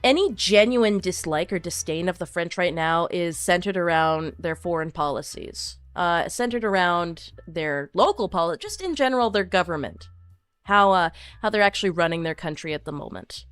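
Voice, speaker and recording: Woman, streamer, animated casual chat, opinionated, fillers, dry recording, faint music behind. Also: on the low side, normal speed, dry recording. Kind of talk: casual chat reading viewer comments.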